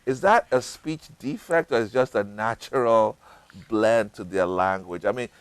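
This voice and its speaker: A man's voice: unhurried, rough recording. A middle-aged man from Africa hosting a TV talk show, preaching with emphatic repetition, then chatting with his guest. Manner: repetitive, emphatic, breaks into high laughter. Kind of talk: preaching then casual interview. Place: TV studio.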